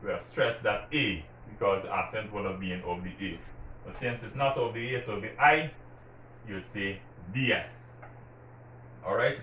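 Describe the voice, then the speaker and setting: A man explains grammar patiently, slowing down to repeat example words and lean on the stressed syllable. His voice sits at an ordinary mid pitch. It is picked up from some way off in an echoey room, with a faint hiss underneath. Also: a bit bright. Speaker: Spanish teacher. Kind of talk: explaining Spanish greetings and grammar. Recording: roomy echo from a distant mic, faint background hiss.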